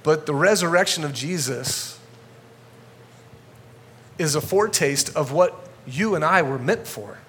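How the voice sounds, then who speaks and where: A male pastor preaching a sermon to a congregation in a church, energetic and conversational, getting fired up as he talks. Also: on the high side, a little slow, pauses often, a little hiss or hum.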